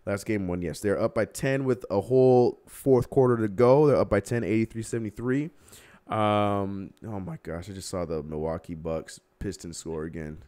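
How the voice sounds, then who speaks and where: A young man hosting a casual live sports stream, animated and exasperated, often laughing. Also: lowish voice, normal speed. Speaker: podcast host.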